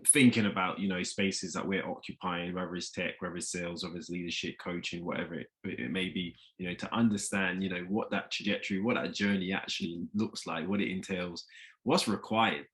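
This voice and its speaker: Male podcast host, very low voice, wordy questions packed with fillers. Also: steady tone, a little fast, a bit bright. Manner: rambling with many "you know" fillers. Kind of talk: podcast interview.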